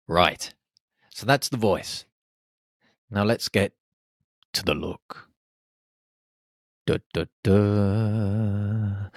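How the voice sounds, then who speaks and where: The man's fairly low voice has a creaky quality, heard in a dry, clean studio recording. As a podcast host giving a motivational monologue, he encourages listeners about confidence in an upbeat manner, slipping in jokey remarks.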